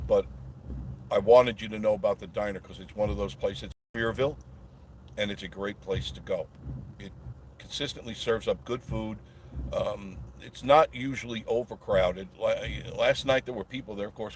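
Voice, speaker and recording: Fairly low in pitch with a darkish tone, this man hosts a live driving stream from his car. He chats with viewers in a folksy, meandering way as car and road noise carry on around him.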